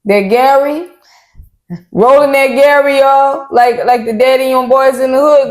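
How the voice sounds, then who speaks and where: Lively high-voiced woman recapping drama. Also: measured pace. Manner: animated retelling, slips into quoting people. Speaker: reaction show co-host. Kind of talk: casual reaction recap chat. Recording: roomy echo.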